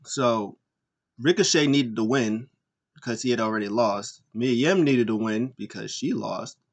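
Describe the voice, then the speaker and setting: A man's voice: medium pitch, a little slow, highs cut off. Male host, casual recap, rambling delivery with restarts and fillers, mid-range voice. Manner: rambling, animated retellings with frequent fillers and restarts. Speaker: podcast host.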